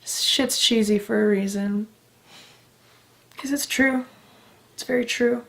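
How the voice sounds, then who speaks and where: A woman's voice: on the high side, fairly even intonation, takes it slowly, gravelly. A young woman from Canada talking candidly in a personal vlog, emotional and heartfelt, swearing casually as she speaks. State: emotional, close to tears. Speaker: vlogger.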